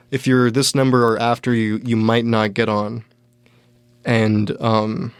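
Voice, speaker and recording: A man's voice: medium pitch, no echo. A young man hosting a podcast, casually telling a rambling, self-deprecating story full of fillers and restarts. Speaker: podcast host.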